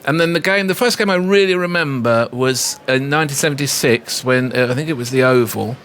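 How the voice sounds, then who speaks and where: A man's voice: mid-range voice, fairly quick, a bit bright, slight background noise. A man from England, a comedian guest, telling anecdotes in a casual interview chat. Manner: anecdotal, chatty storytelling.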